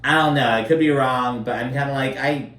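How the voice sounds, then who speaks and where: A man's voice: medium pitch, brisk, a bit bright. A man casually recapping a reality show, chatty and sarcastic, full of fillers and swearing. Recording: roomy echo, slightly distant mic, faint background noise.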